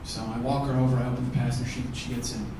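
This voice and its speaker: A man's voice: medium pitch, flat delivery, racing. A man performing a one-man comedy show, telling a story with intense, profane delivery. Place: theatre stage. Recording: roomy distant theatre recording, audible noise.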